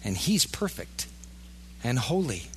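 A man's voice: mid-range voice, sing-song, takes it slowly, fairly bright tone, a little hiss or hum. A man preaching a sermon in a casual, conversational way, often acting out the imagined inner voices of his listeners. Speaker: pastor. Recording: long hall reverb.

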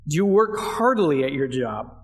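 Casting: man, fairly high voice, pastor delivering a sermon, chatty and emphatic. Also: big pitch swings, normal speed. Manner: conversational, asks the congregation questions; emphatic, leans on key phrases.

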